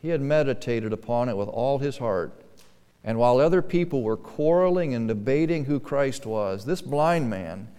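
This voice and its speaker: A man's voice: mid-range voice, animated, normal speed, dark tone, clean tone. A man preaching a sermon to a church congregation, earnest, his voice swelling and dropping for emphasis. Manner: earnest, rising and falling for emphasis, acted-out pleading quotes. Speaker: pastor. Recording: reverberant church hall.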